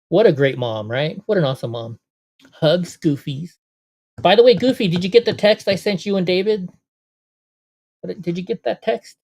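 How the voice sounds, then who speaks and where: A man's voice: sits high, moderate pace, pauses often, darkish tone. A man hosting a casual livestream, chatting to viewers, exclaiming and retelling conversations. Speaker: livestream host.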